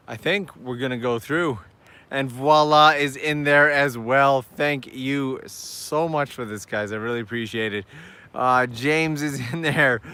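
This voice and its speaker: A man's voice: mid-range voice, bright, forceful tone. A man hosting a casual walking live stream outdoors, upbeat and chatty as he talks to viewers while climbing hillside steps.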